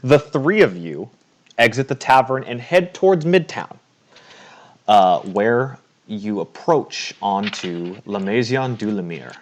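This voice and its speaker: A man's voice: fairly low pitch, expressive, slow pace, a little hiss or hum. A man narrating a tabletop game as game master, chatty and often laughing.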